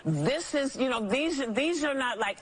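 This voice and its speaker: A woman's voice: sits high, sing-song, measured pace. A woman on a television panel, speaking in a dismissive, matter-of-fact way with frequent chuckles. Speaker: talk show panelist. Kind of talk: panel discussion clip.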